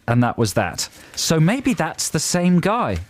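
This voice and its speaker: Wry radio co-host, animated. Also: male voice, fairly high pitch, a little slow, dry recording. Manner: wry, chuckling asides. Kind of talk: comic banter reading listener emails. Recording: dry radio studio.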